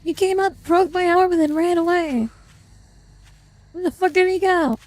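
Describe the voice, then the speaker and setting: A woman streamer reacting to a game as she plays, swearing constantly and yelling at enemies. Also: very high voice, normal speed. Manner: profane, yelling, reacting loudly. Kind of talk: live gameplay commentary.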